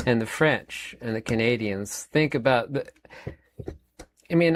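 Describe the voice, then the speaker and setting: A man's voice: medium pitch, no echo. Emphatic man in his fifties, dry sound. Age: 50s. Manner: emphatic, repeats words, frequent fillers. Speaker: channel host. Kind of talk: rambling opinion monologue.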